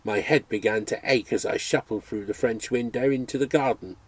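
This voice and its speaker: A man reading a memoir aloud as a storyteller, expressive and engaged. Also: mid-range voice, brisk, slightly rough, no echo. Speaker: audiobook reader.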